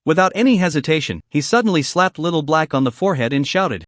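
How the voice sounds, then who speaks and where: A man reading a scripted story recap in a steady narrating voice. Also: a little high, quick pace, no room sound, studio quality.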